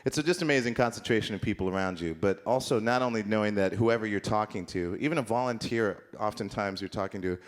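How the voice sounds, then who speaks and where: A man's voice: lowish voice, quick pace, hardly any pauses. A man performing an improvised comedic monologue on a conference stage, rambling in a mock-earnest, absurdist way.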